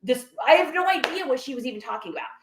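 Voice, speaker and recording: A woman's voice: high-pitched, quick pace, echoey room. A woman reseller chatting casually to her viewers, telling a story and acting out other people's lines. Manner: animated, acts out other people's lines in quotes. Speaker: reseller sharing a garage sale haul.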